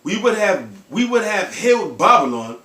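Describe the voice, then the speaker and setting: A man's voice: high-pitched, big pitch swings, moderate pace, pushed and bright. A man preaching with fiery emphasis on a livestream. He is blunt and profane, and he ends phrase after phrase with "man.". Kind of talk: impassioned religious preaching. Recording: echoey room.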